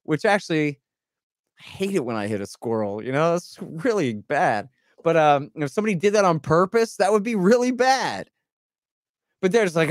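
A man with a slightly high voice and a moderate pace co-hosts a casual political podcast. His story wanders and drips with sarcasm as he performs mocking quotes, and the studio audio is clean and echo-free.

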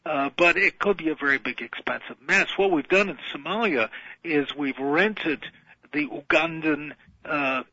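A man's voice: a little high, unhurried, bright, forceful tone, no room sound. A man on a radio talk show, explaining foreign affairs in a wry, lecturing way with many fillers. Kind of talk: radio discussion. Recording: dull band-limited radio audio.

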